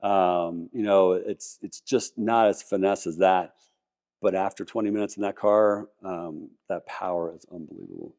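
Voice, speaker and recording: An enthusiastic man with a somewhat low voice, chatting as a podcast guest. He rambles, restarts his sentences and piles on details. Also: fairly even intonation, moderate pace, darkish tone. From Colorado, US. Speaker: podcast guest, car collector. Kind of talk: casual interview talk.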